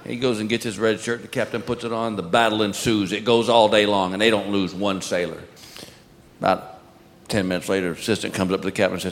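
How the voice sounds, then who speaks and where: A man's voice: fairly low pitch, fairly even intonation, fast, long reverb tail. A man hosting and telling jokes to a group, hearty, acting out the dialogue. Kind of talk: joke telling.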